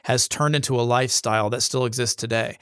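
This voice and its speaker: A man's voice: mid-range voice, steady tone, fast talker, a bit bright, clean tone, dry recording, studio quality. A man, an ordained minister, sharing a personal testimony in an interview, reflective and sincere. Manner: reflective and sincere, with small restarts.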